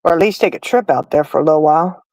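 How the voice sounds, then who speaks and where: Middle-aged woman, livestream host, chatty storyteller who laughs a lot, slightly low voice, dry close sound. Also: racing, darkish tone, no echo, low-quality recording. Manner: chatty storyteller, laughing, addresses chat as y'all. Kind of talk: casual chat.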